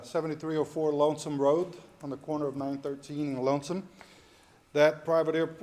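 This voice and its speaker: A man, addressing a city council politely and in a measured way, with frequent fillers. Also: mid-range voice, a little mellow. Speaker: local property owner addressing the council. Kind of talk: public comment at a council meeting.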